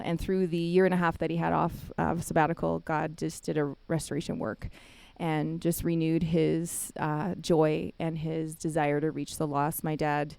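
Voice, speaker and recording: A woman giving a chapel talk, telling a family story with lively storytelling and acted-out quotes. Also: low voice, vocal fry, no echo. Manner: animated storytelling, acts out quotes, laughs often. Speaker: chapel speaker.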